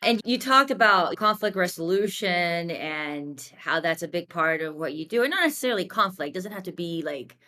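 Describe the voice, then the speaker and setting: A woman's voice: on the low side, expressive, moderate pace, few pauses, sharp tone. A woman hosting a podcast, asking the guest friendly follow-up questions. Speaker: podcast host. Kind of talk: casual interview chat.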